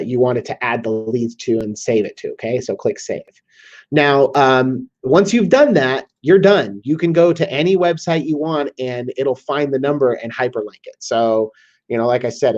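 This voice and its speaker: A man with a Southern American accent walking viewers through a software tool in a casual screen-share tutorial, often checking in with "okay?". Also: mid-range voice. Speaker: software demo presenter. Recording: slightly dull lo-fi audio.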